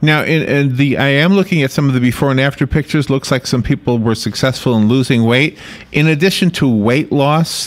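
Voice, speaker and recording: A male radio host interviews a guest, easygoing and conversational. His questions are loose and friendly, and he wraps up the segment himself. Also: medium pitch.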